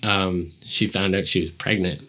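A man's voice: deep voice, fairly even intonation, moderate pace, bright, forceful tone. A man casually telling a personal story as a guest, rambling with many fillers and acting out quoted dialogue.

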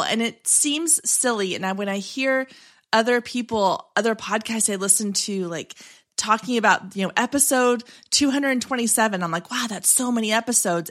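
A woman's voice: on the high side, a bit bright. A woman, hosting her own podcast in an upbeat, chatty way, often restarting and saying "like". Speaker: podcast host. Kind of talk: solo podcast episode.

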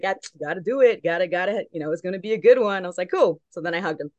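A woman's voice: fairly low pitch, quick pace, hardly any pauses, a little mellow, no echo. A woman from Long Beach, California, a guest correspondent who tells a story in casual chat and acts out each quote.

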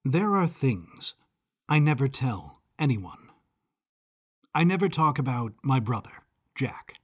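A man narrates a story in a brooding, confessional first-person voice. He speaks slowly with a slightly husky tone. Soft music plays underneath. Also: mid-range voice, very animated.

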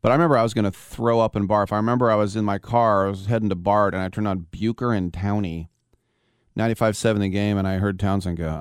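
A man hosting a live sports talk radio show, telling baseball stories in a casual, animated way. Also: lowish voice, fast talker, smooth, dry recording, studio quality. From San Francisco Bay Area. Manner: storytelling, animated, acts out quotes.

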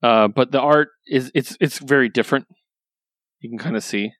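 A man's voice: mid-range voice, normal speed, fairly bright tone, dry recording. A man hosting a casual talk, recapping stories with enthusiasm and plenty of ums and likes. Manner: enthusiastic, lots of fillers. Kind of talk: casual chat.

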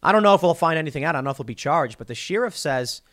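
A man hosting solo political commentary, talking in an animated, self-interrupting way. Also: a little high, racing. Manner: animated, self-interrupting, mocking quoted voices.

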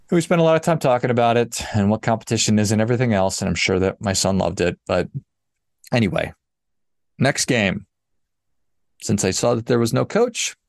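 Low gravelly man telling a story. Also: no room sound, clean studio sound. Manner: animated, exasperated storyteller. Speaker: podcast host. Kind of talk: casual storytelling monologue.

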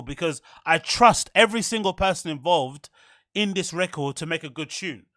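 A man hosting a solo podcast, rambling in a frantic rush with barely a pause for breath. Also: fairly high pitch, expressive, pushed and bright, no room sound, studio quality. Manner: rambling, frantic, talks without pausing for breath. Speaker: podcast host.

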